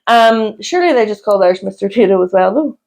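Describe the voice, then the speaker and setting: A woman, co-hosting a casual chat podcast and often breaking into loud, high laughter. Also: animated, a little fast, gravelly. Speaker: podcast co-host.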